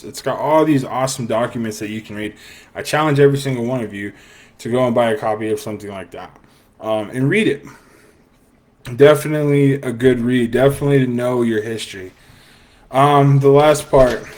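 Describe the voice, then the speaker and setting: A man hosting a casual podcast, giving a sarcastic, opinionated monologue with lots of fillers and restarts. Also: mid-range voice. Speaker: podcast host. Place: live stream broadcast.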